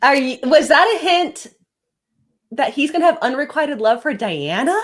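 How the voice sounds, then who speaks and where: A woman's voice: sits high, lively intonation, normal speed. A woman in a casual live-streamed chat, wry and blunt and laughing at her own jokes, on a video call.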